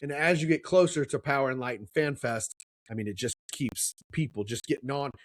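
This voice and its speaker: A man's voice: medium pitch, fairly quick, dry recording. A middle-aged man, a podcast co-host, telling a story in casual chat and acting out the voices he quotes.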